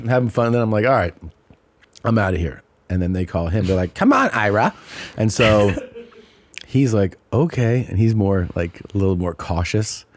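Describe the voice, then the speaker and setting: A man in his forties co-hosting a podcast, telling a story casually and acting out other people's lines in high, squeaky voices. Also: normal speed, slight background noise. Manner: animated, acts out quotes in high voices. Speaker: podcast co-host.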